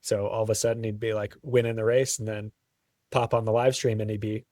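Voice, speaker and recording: A man's voice: fairly low pitch, flat delivery, a little fast, darkish tone, no room sound, studio quality, distant mic. A man talking as a podcast guest, telling stories in an easygoing way and laughing often. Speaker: guest, trail runner. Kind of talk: casual interview chat.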